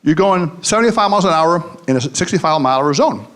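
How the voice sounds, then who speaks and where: A man voicing a stern male traffic cop in a told joke, formal and by-the-book, a little higher than his own voice. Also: lively intonation, fast, a bit bright. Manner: formal, procedural.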